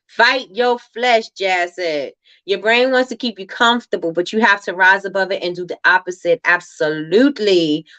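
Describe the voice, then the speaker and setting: A woman's voice: mid-range voice, fairly bright tone. Woman doing a pep talk on a livestream, keeps repeating herself for effect, reads out chat comments, slightly muffled sound. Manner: emphatic, repeats phrases for effect; reads viewer comments aloud. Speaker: livestream host.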